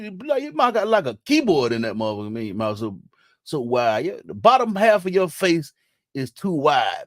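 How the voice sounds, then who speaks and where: Young guy on a live stream, high voice, dry close sound, laughing and clowning on somebody. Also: no echo. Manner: laughing, teasing, slangy. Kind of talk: casual live-stream chat.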